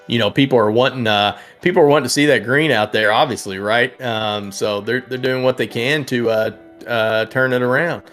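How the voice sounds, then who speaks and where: A man's voice: mid-range voice, a bit bright. Man, live trading stream host, casual commentary, playful sing-song name calls, faint background music. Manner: chatty, reads prices and chat names, sing-song repeats of names, laughs often.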